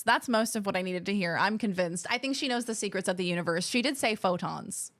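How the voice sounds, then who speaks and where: An American woman chats playfully with her live-stream viewers, occasionally putting on mock accents. Her mid-range voice is fairly bright, and she talks briskly with hardly any pauses.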